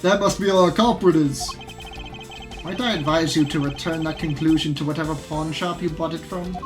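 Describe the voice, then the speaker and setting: A woman's voice: low voice, normal speed, music in the background, lightly acted. A woman voicing a haughty, formal male prosecutor, reading game lines in a precise, condescending way. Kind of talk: video game dub-over.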